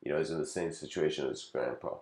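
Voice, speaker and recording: A man's voice: very deep voice, quick pace, a little mellow. A man giving a casual lecture, telling a story in a rambling way with lots of filler words and frequent chuckles.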